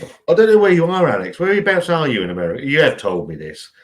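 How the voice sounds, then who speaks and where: A man's voice: fairly high pitch, huge pitch swings, quick pace. A man, chatting casually and rambling on a live stream, swearing freely. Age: 40s.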